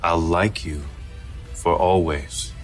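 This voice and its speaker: An actor playing a grown man giving a solemn, drawn-out dramatic reading of a children's book in a sitcom scene. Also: low voice, steady tone, faint music behind.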